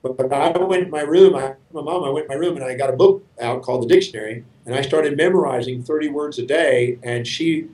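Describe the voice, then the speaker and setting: An earnest man from the United States tells his story as an interview guest, often stumbling over his first words. His voice sits at an ordinary pitch. It sounds roomy and a little far from the mic. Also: fairly quick, hardly any pauses, a little mellow. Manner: earnest, repeats words when starting sentences.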